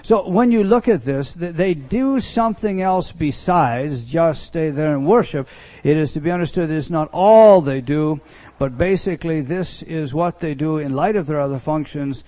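A man's voice: a little high, moderate pace, dark tone, no room sound. A man preaching in a conversational teaching style, often restarting phrases and pressing words for emphasis. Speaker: pastor teaching a Bible study. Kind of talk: expository sermon teaching.

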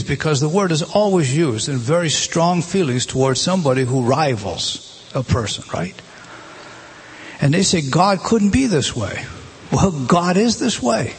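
A man's voice: on the high side, breathy edge. A man preaching a sermon, emphatic and often repeating words as he speaks.

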